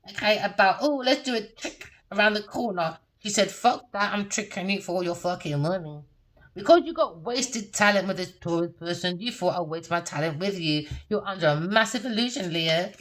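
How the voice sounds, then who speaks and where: A woman giving a casual tarot reading in a brash, profane, mocking way, laughing often and swinging between low muttering and loud, high bursts. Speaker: tarot reader.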